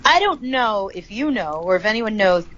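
A woman's voice: medium pitch, expressive, moderate pace, a bit bright. A woman co-hosting a podcast in casual chat, giggly and chatty. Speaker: podcast co-host. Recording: slightly dull lo-fi sound.

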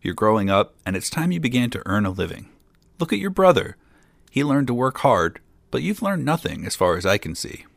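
A man's voice: medium pitch, very animated, fairly quick, creaky, no room sound, studio quality. A man voicing a stern, exasperated father who scolds his foolish son.

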